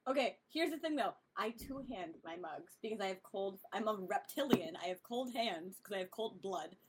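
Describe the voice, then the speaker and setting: A woman chatting casually among friends, telling stories with bursts of laughter and excitement. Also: medium pitch, moderate pace, very noisy. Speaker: podcast co-host. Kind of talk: casual chat.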